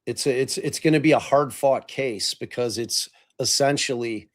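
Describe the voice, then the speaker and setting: A man's voice: medium pitch, normal speed. A man hosting a podcast in casual chat, rambling with lots of swearing, fillers and restarts. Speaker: podcast host.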